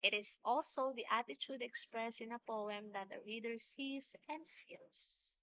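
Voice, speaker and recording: A woman teacher giving a recorded lecture on poetry, explaining slowly and deliberately with small restarts. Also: on the high side, pushed and bright, dull audio, slight background noise.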